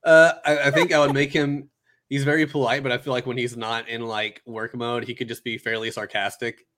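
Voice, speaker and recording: A man in casual chat, relaxed and agreeable, rambling through ideas with fillers. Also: medium pitch, a little fast. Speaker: co-host brainstorming an anime.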